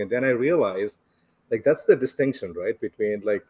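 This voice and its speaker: A man's voice: lowish voice, lively intonation, moderate pace, darkish tone, slightly rough. A man from India, reflectively telling a personal story as a podcast guest and chuckling along the way. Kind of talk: casual storytelling.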